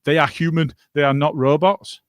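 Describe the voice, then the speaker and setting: A man who is a regular guest on a football podcast, talking in casual chat and making his point with measured restarts. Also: on the high side, fairly even intonation, dry recording, clean studio sound.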